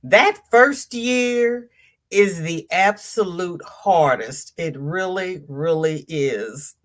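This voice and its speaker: With a fairly low, animated voice that draws out her words, an older woman chats her way through a crochet livestream. She greets viewers by name, reads their comments aloud, and repeats phrases to stress them.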